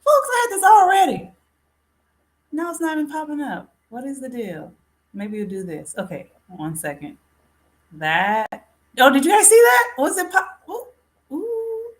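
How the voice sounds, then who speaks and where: A woman's voice: high voice, big pitch swings, unhurried. A woman hosting a casual live stream, talking straight to her viewers and calling them folks. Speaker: livestream host.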